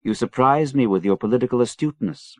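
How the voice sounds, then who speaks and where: A man's voice: medium pitch, quick pace, a little mellow, dry recording, voice pushed up, lightly acted. A man reading an audiobook, voicing a suave male commander who talks coolly and with mocking courtesy. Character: suave Portuguese male commander, cool and cutting. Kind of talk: audiobook character voice.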